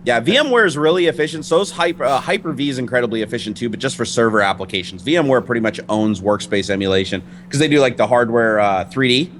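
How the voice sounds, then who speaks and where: Hyper joking tech co-host. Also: male voice, medium pitch, animated, slight background noise. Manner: joking, hyper, quick technical explanations. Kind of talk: casual tech livestream chat.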